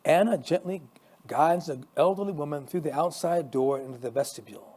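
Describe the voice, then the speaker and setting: A male pastor reading a story aloud, expressive, with small restarts. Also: fairly high pitch, fairly quick.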